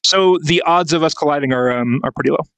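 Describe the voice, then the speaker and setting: A man with a high, bright speaking voice, chatting casually on a talk show. He tells a story with lively energy and acts out the other people's lines. The sound is dry and close, with no room around it. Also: quick pace, clean tone, no echo, rough recording. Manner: animated storyteller, playfully acts out quotes. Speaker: guest YouTuber. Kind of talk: casual chat.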